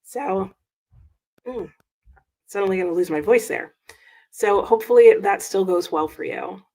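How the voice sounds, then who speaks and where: A woman's voice: mid-range voice, measured pace, dark tone. A woman hosting a casual reading livestream at her desk at home, upbeat and chatty as she reads viewer comments aloud and reacts with little exclamations. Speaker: livestream host. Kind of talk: casual live-chat reading stream.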